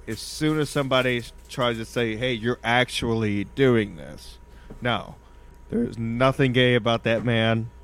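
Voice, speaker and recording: Teasing man hosting crude banter. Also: mid-range voice. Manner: teasing, mock-serious, cracks his voice when excited.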